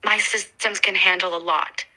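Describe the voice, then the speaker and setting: A woman's voice: mid-range voice, steady tone, normal speed, pushed and bright, low-quality recording. A female AI voice assistant on a call, polite and eager, repeating words back and checking whether she got them right. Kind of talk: conversational assistant replies.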